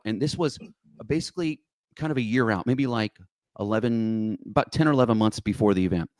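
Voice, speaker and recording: A man, telling a lively story in conversation. He acts out the quoted dialogue and keeps checking in with "okay?". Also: on the low side, brisk, no echo. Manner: excitable, acts out quoted dialogue, says "okay?" and "bro" often. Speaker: podcast guest, charity cyclist.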